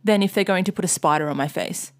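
A woman, co-hosting a casual podcast, tells a story loosely, swears freely and now and then shouts in imitation of angry fans. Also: fairly low pitch, fast. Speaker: podcast co-host. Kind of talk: casual chat.

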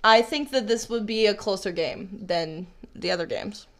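A young woman co-hosting a casual sports chat, bubbly and excitable, often giggling. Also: medium pitch, moderate pace. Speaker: podcast co-host.

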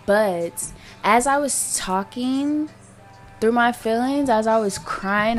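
A woman's voice: on the high side, takes it slowly, faint music behind. A young woman hosting her own podcast, talking candidly and rambling with lots of fillers and swearing. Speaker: podcast host. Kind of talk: casual solo podcast monologue.

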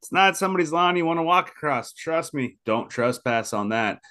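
A man's voice: a little high, expressive, normal speed, sharp tone. Easygoing man speaking in short maxims. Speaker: podcast co-host. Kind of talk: casual chat.

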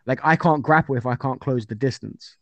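A man's voice: medium pitch, a little fast, dry recording. A young man talking casually as an interview guest about his fights, rambling with fillers and restarts.

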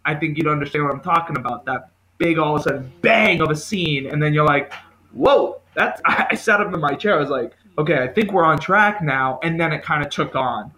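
A man co-hosting a podcast, chatting casually about movies and acting out his own reactions in an animated way. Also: fairly high pitch, quick pace, rough recording. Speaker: podcast co-host. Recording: home podcast recording.

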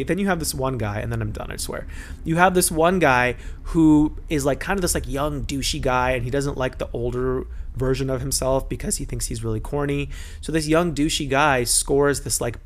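A chatty man talks through a reality TV recap in a loose, gossipy way. He slips into quick impressions of the people he describes, and his voice sits in an ordinary middle pitch for a man. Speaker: podcast host.

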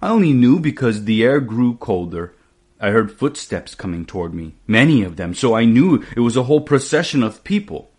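A man voicing a gentle dragon in a read-aloud storybook, speaking slowly and wonderingly. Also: mid-range voice, very animated. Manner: slow and wondering. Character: gentle, slow-thinking dragon.

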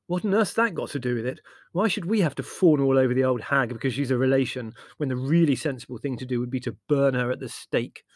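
A man's voice: medium pitch, fast, few pauses, no echo, studio quality, voice pushed up, close to an everyday voice. A man doing a sarcastic, theatrical young man. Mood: exasperated. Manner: dramatic, sarcastic, exasperated. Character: sardonic, theatrical young English writer, the eldest son.

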